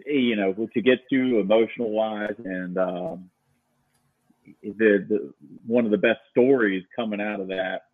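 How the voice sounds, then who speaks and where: A man telling stories about directing a film shoot in a casual, rambling chat, full of fillers and lively quoted asides. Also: fairly low pitch, a little slow, no room sound, narrow, tinny audio.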